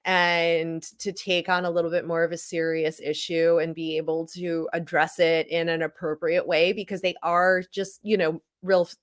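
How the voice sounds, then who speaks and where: A woman from Chicago, a guest on a sports talk show, chatting casually and telling stories in quick animated bursts, full of likes. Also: on the low side. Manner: animated storyteller, rapid bursts, rambling with many likes. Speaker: guest hockey podcaster.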